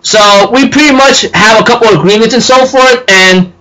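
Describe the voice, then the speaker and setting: A man's voice: high-pitched, moderate pace, pushed and bright, low-quality recording. A man casually recapping an anime episode, rambling with lots of fillers and giggling as he talks. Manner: rambling, full of "you know" and "and so forth"; giggly, laughs while talking. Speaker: anime reviewer.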